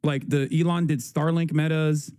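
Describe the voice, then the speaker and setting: A man streaming live, reading posts aloud and joking in quick casual talk. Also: on the high side, level tone, warm tone, smooth. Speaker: livestreamer. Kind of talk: casual livestream commentary.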